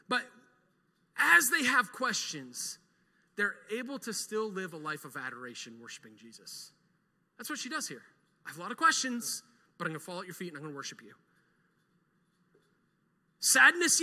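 A young adult man preaching a sermon as pastor, emphatic and energetic, firing off rhetorical questions and repeating key phrases. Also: high voice. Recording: long hall reverb.

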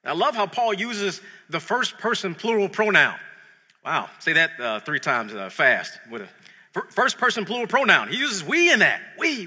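A man preaching a sermon in an animated, conversational way, often repeating words as he builds a point. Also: high voice, breathy edge, big-room sound.

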